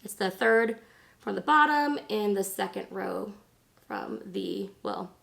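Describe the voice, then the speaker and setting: A woman in her thirties, hoarse from laryngitis, chatting casually and rambling through a makeup tutorial. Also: mid-range voice, lively intonation, takes it slowly, fairly bright tone. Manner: chatty, rambling, lots of fillers. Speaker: beauty vlogger.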